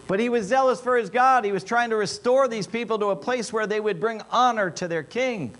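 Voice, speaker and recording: A man delivering a sermon with a somewhat high-pitched voice, shifting between low, wry asides and loud, emphatic bursts. A faint mains hum sits under the recording. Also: fairly quick. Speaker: preacher.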